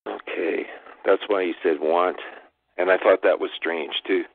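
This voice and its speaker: A man's voice: low voice, fairly even intonation, a little slow, gravelly, breathy edge, dry recording. A man hosting a call-in show, talking easygoing and agreeable. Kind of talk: casual phone-in talk. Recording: tinny phone line, dry.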